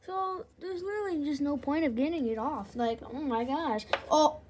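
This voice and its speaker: A woman's voice: high voice, normal speed. A woman giving casual running commentary as she takes apart a machine, chatty, laughing often and sometimes dropping to a whisper. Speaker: vlogger taking apart a machine. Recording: loud background noise with tool clicks.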